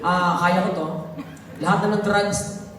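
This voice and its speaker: A woman from the Philippines with a Filipino accent performs raunchy live stand-up while ill, brashly teasing the crowd and switching between Tagalog and English. Her mid-range voice is fairly bright, with a measured pace and fairly even intonation. Recorded from a distance in a large, echoey concert hall, the audio carries crowd noise, audience laughter, and hall ambience.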